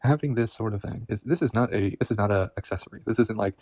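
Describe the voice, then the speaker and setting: A man's voice: medium pitch, fast, hardly any pauses, a little mellow, no room sound. A man talking to camera in a rambling, agitated personal monologue, swearing constantly and repeating himself. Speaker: vlogger.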